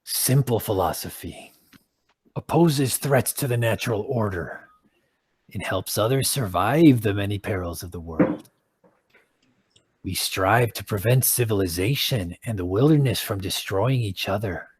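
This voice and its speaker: A man's voice: lowish voice, measured pace, slightly rough, dry recording, voice pushed down. A man doing a grave, terse druid. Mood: solemn. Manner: clipped, grave phrases. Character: solemn, terse male druid elder.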